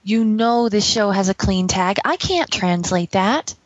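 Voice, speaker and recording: A woman's voice: medium pitch, lively intonation, measured pace, no room sound, muffled recording. A woman translating for her husband in a recorded listener message, dry and teasing. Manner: dry, teasing, mock-scolding. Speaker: listener translating in audio submission.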